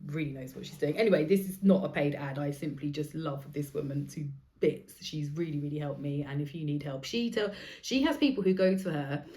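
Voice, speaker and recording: A woman's voice: low voice, fairly quick, dark tone. A woman, hosting a podcast and telling stories in a chatty way that is full of swearing. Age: 40s. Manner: chatty, swears freely, acts out other people's lines. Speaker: podcast host. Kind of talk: casual storytelling monologue.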